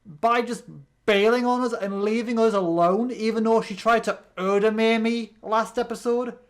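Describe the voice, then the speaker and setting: British let's play host, rambling commentary, stumbles and restarts a lot, middle-pitched voice. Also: steady tone, normal speed. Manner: rambling, with many restarts and fillers. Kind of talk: gameplay commentary.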